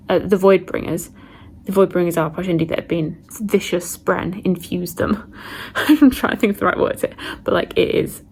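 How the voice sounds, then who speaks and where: Woman book vlogger, gravelly, excitable, filler-heavy casual chat. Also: lowish voice, slight background noise. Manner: excitable, gushing, many fillers. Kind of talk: casual reading vlog chat.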